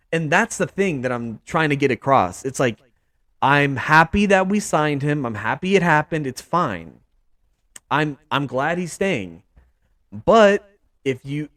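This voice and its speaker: Animated young man ranting on a podcast. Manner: animated, repetitive, swings pitch up for mock quotes. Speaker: podcast host. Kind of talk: casual sports podcast rant.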